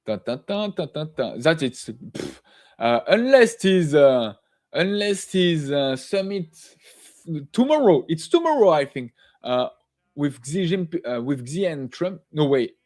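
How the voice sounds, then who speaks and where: High-voiced man rambling over market charts. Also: expressive, unhurried, darkish tone. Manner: rambling, self-correcting, humming "ta ta ta" while watching charts. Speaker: live trading show host. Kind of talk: casual live-stream market commentary.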